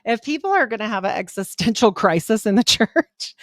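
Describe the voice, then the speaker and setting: A middle-aged woman, a podcast guest, telling her life story in a candid, animated way. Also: a little high, brisk, dry recording, studio quality. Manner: animated, quotes people in voiced asides.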